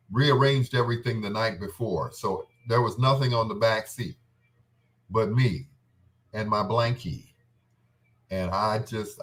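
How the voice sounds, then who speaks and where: A man's voice: lowish voice, fairly bright tone. A man hosting a show, telling comic stories in a rambling way, laughing often and slipping into voices. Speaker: host. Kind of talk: comedic storytelling monologue.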